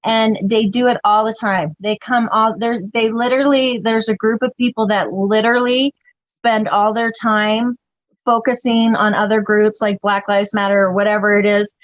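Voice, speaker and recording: Animated, profane woman, fairly high voice. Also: moderate pace, dry recording, muffled recording. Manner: animated, profane storytelling with frequent laughter. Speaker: podcast guest, comedian. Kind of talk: casual chat.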